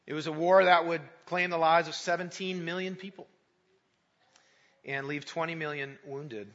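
This pastor's Christmas Eve sermon mixes prayer and an earnest story, warm when he prays. He speaks at normal speed in a steady, slightly high voice, and the sound is dull in a large, reverberant church.

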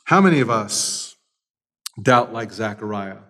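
A man preaching an expository sermon, speaking emphatically, swinging between loud and quiet, and repeating key phrases. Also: on the low side, a little slow. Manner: emphatic preaching with lively shifts in loudness. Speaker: pastor.

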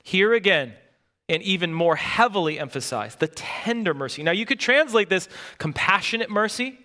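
A man's voice: high-pitched, animated, normal speed, sharp tone. A male pastor preaching a sermon, emphatic and repeating words for stress.

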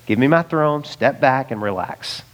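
A man voicing God as a calm, sovereign king, speaking in a reassuring, coaxing way. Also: mid-range voice, a little slow, in a large hall, lightly acted, low-quality recording.

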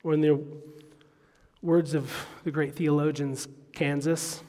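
Slow-preaching man in a reverberant hall. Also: fairly high pitch, level tone, warm tone. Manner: expository preaching, quoting scripture. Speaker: pastor. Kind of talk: sermon.

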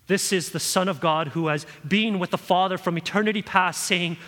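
A man preaching a sermon in a church hall, earnest and pleading, his voice swelling louder at key points. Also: on the high side, normal speed. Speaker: pastor.

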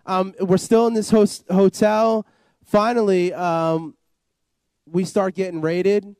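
A man's voice: sits high, little pitch movement, slow pace, a little mellow, clear, resonant tone, no echo. A man giving a rambling personal testimony as an interview guest, full of "you know" and "like.". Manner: rambling, repeats himself, lots of "you know" and "like". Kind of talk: personal testimony, casual storytelling.

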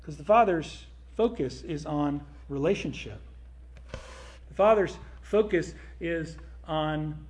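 A man's voice: on the high side, a little mellow. A man preaching a sermon in a conversational way, with frequent asides to his listeners.

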